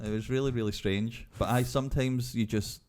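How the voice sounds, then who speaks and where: A man's voice: mid-range voice, fairly even intonation, brisk, darkish tone. A Scottish man in casual podcast chat, laid-back and often agreeing, with dry jokes. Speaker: podcast guest.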